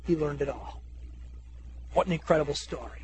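A man with a notably high voice preaches a sermon as a dramatic story. He slows down hard to stress the phrases he repeats. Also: a little mellow, a little hiss or hum, low-quality recording. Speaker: pastor.

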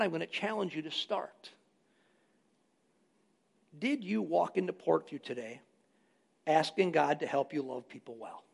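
A man's voice: on the high side, creaky, breathy edge. A man, a pastor, preaching a sermon with emphatic rises in volume on key phrases. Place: church.

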